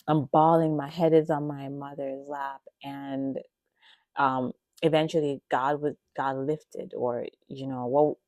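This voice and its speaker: A woman with a low-pitched voice shares her faith testimony on the podcast she hosts, sounding emotional and animated. She gasps along the way and fills her speech with lots of casual fillers, and the recording is dry.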